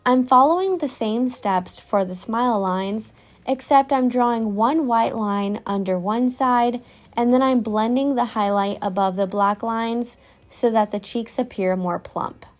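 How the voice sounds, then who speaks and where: A woman narrating a makeup tutorial in a calm, step-by-step scripted voice-over. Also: fairly high pitch, a little slow.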